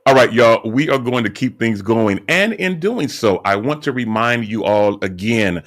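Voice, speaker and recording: A man hosting an online radio talk show, chatty and upbeat, giving shout-outs to guests and listeners. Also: medium pitch, expressive, normal speed. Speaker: host.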